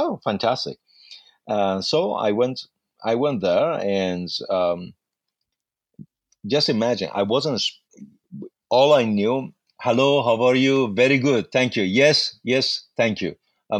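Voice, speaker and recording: Husky man telling stories. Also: lowish voice, no room sound. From Iran. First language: Farsi. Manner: animated anecdotes with acted-out dialogue. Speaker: interview guest, actor. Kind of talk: casual storytelling.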